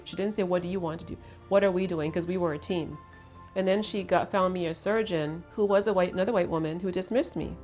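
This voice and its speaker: Earnest low-voiced woman host. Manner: earnest, emphatic storytelling. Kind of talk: intimate conversation.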